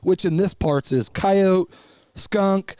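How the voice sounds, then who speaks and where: A man tells a long, rambling story on a studio podcast, cussing freely and getting animated. His voice sits fairly high for a man. The sound is dry and close. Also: takes it slowly, clean tone, no echo. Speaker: podcast co-host. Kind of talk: casual storytelling chat.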